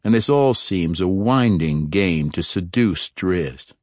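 A man narrating a fantasy story, voicing a sly, probing male dark elf rogue in his own low voice. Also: animated, slow, no echo, studio quality. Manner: probing, slyly teasing.

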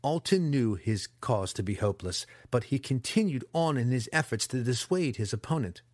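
A man narrating a fantasy audiobook in an expressive, dramatic storytelling style on a close mic. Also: mid-range voice, moderate pace, no echo.

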